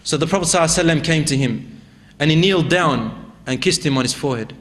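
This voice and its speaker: A man preaching, retelling a religious story in a dramatic, animated way. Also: a little high, rapid-fire. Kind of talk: sermon storytelling.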